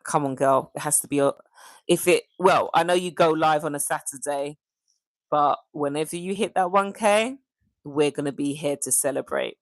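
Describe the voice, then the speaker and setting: British woman livestream host, low-pitched, dry close recording. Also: moderate pace, dry recording. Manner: chatty, warm to viewers, animated laughs and pitch jumps. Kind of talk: casual livestream chat reading comments.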